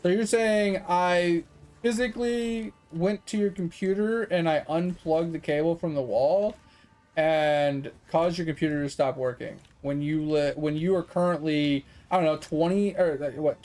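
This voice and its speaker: A gaming streamer with a slightly mellow, higher-pitched male voice rants at a moderate pace while playing. His talk is casual and sarcastic, with swearing and impressions of the people he quotes.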